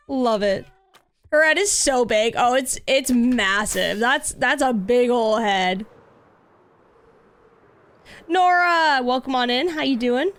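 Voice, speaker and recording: Woman livestreamer, high voice, slow easy pace, gushing coos, soft baby talk. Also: expressive. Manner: gushing, cooing over cats. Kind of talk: casual gameplay livestream chat.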